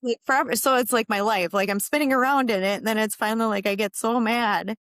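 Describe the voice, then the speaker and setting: A woman's voice: on the high side, steady tone, quick pace, a bit bright, dry recording, clean studio sound. A woman who is a nurse, speaking as a podcast guest and telling stories casually, with laughs and acted-out reactions. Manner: chatty, laughs and acts out her own reactions. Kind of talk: casual storytelling in an interview.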